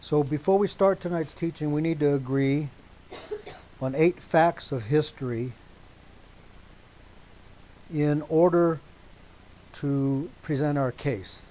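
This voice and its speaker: A man preaching a teaching sermon to a congregation, deliberate and emphatic, stopping often to check that his listeners agree. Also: fairly high pitch, warm tone, rough recording.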